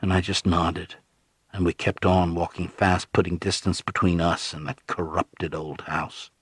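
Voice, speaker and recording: A man with a husky voice, narrating an audiobook in a low, grave, hushed tone. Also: flat delivery, measured pace, no echo, clean studio sound.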